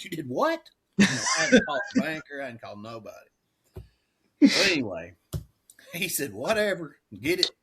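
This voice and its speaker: A man's voice: fairly bright tone, a little hiss or hum. A middle-aged man, a dairy farmer telling stories in casual chat, rambling and folksy. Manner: folksy, rambling, acts out quoted dialogue with rising pitch. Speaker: dairy farmer and auctioneer, podcast guest.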